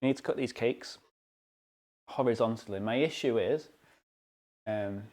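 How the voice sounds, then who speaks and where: A young British man's medium-pitched, darkish voice moves at a measured pace as he bakes live on stream in his home kitchen. He's chatty and jokey, often poking fun at himself.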